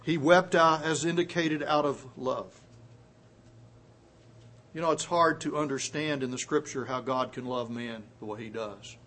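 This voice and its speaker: A man preaching a sermon, moving from quiet, hushed passages up to loud, emphatic peaks, and slowing down to stress key words. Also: mid-range voice.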